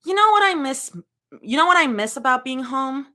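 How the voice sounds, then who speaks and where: A woman's voice: sits high, animated, normal speed, pushed and bright, voice pushed up. A woman voicing a wry young woman with a wrist cast, read aloud from a fanfiction story.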